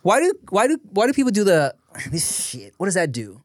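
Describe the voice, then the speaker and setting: A man's voice: high voice, huge pitch swings, brisk. A man co-hosting a casual podcast chat, playful and laughing often, breaking into sing-song rhymes. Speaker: podcast co-host.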